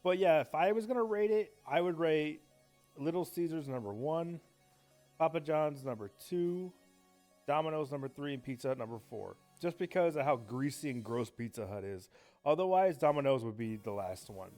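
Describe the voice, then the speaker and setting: Over faint game music, a streamer with a voice on the high side chats at a moderate pace. His casual gaming talk is excitable, meandering, and profane.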